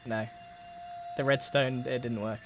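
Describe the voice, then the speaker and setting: A man's voice: mid-range voice, steady tone, measured pace, over music. A man, chatting and teasing playfully while gaming. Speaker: guest player. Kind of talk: casual gaming chat.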